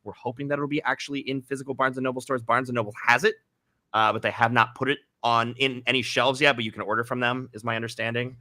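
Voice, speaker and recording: A man's voice: medium pitch, steady tone, fast, bright, forceful tone, no echo, clean studio sound. A man being interviewed about his writing, talking casually with many fillers and restarts. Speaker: guest author.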